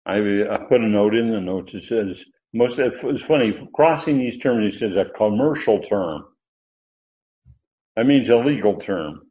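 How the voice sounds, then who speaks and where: A man's voice: on the low side, animated, measured pace. A man teaching a Bible study lecture, explaining Greek grammar with asides and self-corrections. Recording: dull lo-fi recording.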